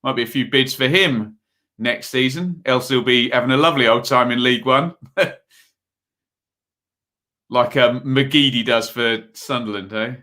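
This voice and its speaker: A man runs a live football watch-along stream, calling the action in a loose, chatty way. His bright voice has an edge of force as he rambles between the play and viewers' messages. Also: medium pitch, unhurried, long pauses. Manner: casual play-by-play mixed with reading viewer messages; rambling and chatty, with frequent fillers.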